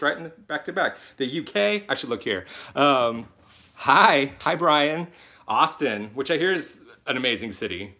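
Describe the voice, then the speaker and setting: A young man hosts his first live stream from his phone in casual, chatty fashion, excitable and laughing often as he reads out viewer comments. His voice is medium in pitch, and he speaks at a moderate pace.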